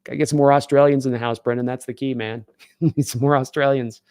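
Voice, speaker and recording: A man at middle pitch talks football in a loose, rambling way, circling back and restarting his sentences. The sound is dry and close, with no room around it. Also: fairly even intonation, fast talker, darkish tone, clean tone, dry recording. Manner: rambling, many fillers and restarts. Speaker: podcast host. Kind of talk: casual sports talk. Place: home studio, live stream.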